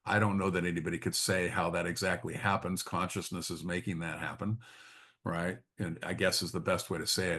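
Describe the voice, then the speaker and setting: A man leading a spiritual study group in a reflective teaching talk, often halting, repeating words and checking in with quick tag questions. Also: sits low, fairly bright tone.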